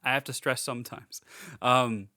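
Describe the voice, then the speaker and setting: A man's voice: medium pitch, fairly even intonation, moderate pace, bright, forceful tone. A young man recapping a movie in casual podcast chat, rambling with lots of fillers and swearing freely. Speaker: podcast co-host.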